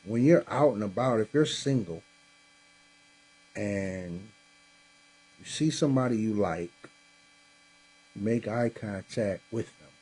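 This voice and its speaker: A man's voice: fairly low pitch, takes it slowly, long pauses, darkish tone, slightly rough, rough recording. Tired laid-back man hosting a live podcast. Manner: laid-back, talks straight to viewers, says y'all. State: tired, yawning. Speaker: podcast host. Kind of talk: casual live-stream chat. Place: home room with a Christmas tree.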